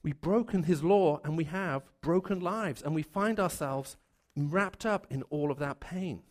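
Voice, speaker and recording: Earnest male preacher, slightly high voice. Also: unhurried, a little mellow. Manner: earnest, builds lists of repeated phrases. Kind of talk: sermon.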